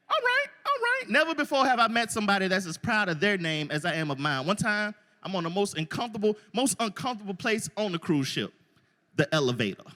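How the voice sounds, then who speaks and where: A male stand-up comedian from Florida, working the crowd loudly at a live show and acting out other people's voices. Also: high voice. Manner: loud crowd work, acts out characters' voices. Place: live show before an audience.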